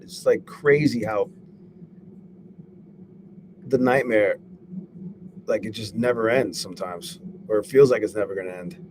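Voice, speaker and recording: A man on a live stream, swearing a lot and talking excitably while he reads out viewers' names and goes over his trades. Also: lowish voice, a little slow, long pauses. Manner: profane, excitable, shouts out chat viewers. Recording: steady background noise.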